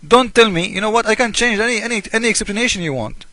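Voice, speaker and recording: A man's voice: high voice, animated, quick pace, pushed and bright, dry recording. A man delivering a polemical monologue as a religious critic, mocking and argumentative, firing off rhetorical questions.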